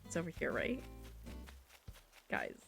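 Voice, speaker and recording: A woman's voice: takes it slowly, music in the background. A young woman from Canada, chatting casually and rambling as she streams a game and answers chat. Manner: chatty, rambling, reads chat aloud, laughs often.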